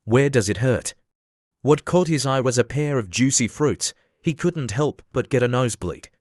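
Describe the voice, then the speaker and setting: A man narrating a scripted story recap in an even, steady reading. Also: medium pitch, normal speed, no echo, studio quality.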